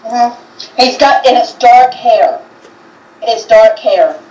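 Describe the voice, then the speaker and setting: A woman co-hosting a casual chat, describing what she senses in a hesitant, halting way with many restarts. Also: on the high side, animated, mellow, echoey room, distant mic, low-quality recording. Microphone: video call.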